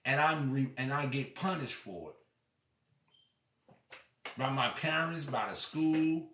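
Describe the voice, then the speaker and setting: Passionate male storyteller, rough-edged and repetitive, distant in an echoing room. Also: medium pitch, slow, long pauses. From Illinois. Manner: impassioned, swings from shouting to quiet; profane, repeats himself. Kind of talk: preaching monologue. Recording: echoey room, far from mic.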